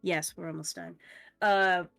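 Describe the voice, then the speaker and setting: A woman's voice: on the low side, steady tone, a little slow, vocal fry, sharp tone, soft background music. A woman narrating a tabletop game as game master, casual and loose, swearing often.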